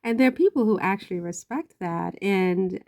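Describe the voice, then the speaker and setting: Emotional chatty woman with a gravelly voice. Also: medium pitch, moderate pace, darkish tone. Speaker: royal news commentator. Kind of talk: casual vlog commentary.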